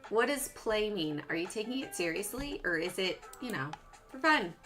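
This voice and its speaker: A woman's voice: medium pitch, lively intonation, moderate pace, fairly bright tone. A woman hosting a live stock trading stream, chatting casually and playfully with viewers while she works through her charts. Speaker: livestream stock trading host. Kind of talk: casual live market commentary. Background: music.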